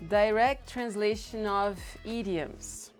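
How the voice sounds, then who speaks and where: A young Brazilian woman with a Brazilian accent, teaching a language lesson and slowly repeating example words. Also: mid-range voice, soft background music. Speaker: Portuguese teacher.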